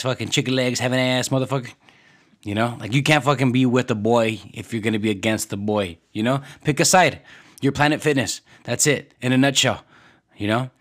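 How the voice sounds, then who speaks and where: A man ranting casually on a podcast, swearing constantly and rambling with lots of filler words. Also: mid-range voice. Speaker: podcast host.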